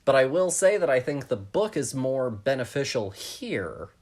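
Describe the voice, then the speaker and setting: A man's voice: medium pitch, big pitch swings, normal speed, a little mellow. A man co-hosting a podcast, talking through a film in a casual, thoughtful way, hedging and restarting his sentences often. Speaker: podcast co-host.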